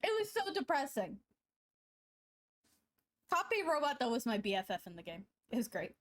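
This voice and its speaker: A high-pitched woman chats with her live stream audience while she draws. She rambles playfully, breaking into giggles mid-sentence and teasing herself. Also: very animated, moderate pace, long pauses, a bit bright. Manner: playful self-mocking banter. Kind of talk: casual chat to stream viewers while drawing.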